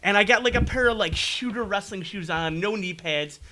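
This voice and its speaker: A man telling wrestling stories as a podcast guest, in a rambling, animated way full of fillers. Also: high voice, normal speed, noisy background. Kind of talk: casual storytelling chat.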